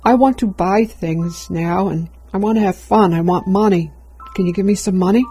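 A woman's voice: medium pitch, normal speed, mellow, breathy edge, soft background music. Woman reading a weary boy grown old. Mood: wanting.

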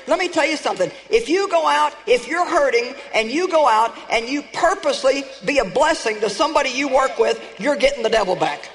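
An older woman delivers an emphatic, animated sermon to a congregation, urging her listeners on. Her voice rings out with a long reverberant tail from a large hall. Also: high voice, fairly quick, hardly any pauses, noisy background. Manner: emphatic, animated, rallying the audience. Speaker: TV preacher.

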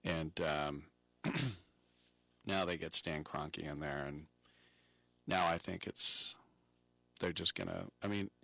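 A man's voice: low-pitched, fairly even intonation, slow pace, vocal fry, long pauses, sharp tone, no echo, rough recording. A man hosting a sports radio show, talking baseball in an opinionated, jokey way and laughing at his own puns.

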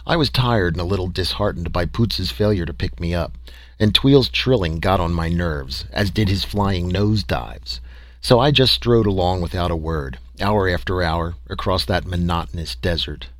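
A man narrating a story in an expressive, dramatic reading style. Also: low voice, moderate pace, dry recording. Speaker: audiobook narrator.

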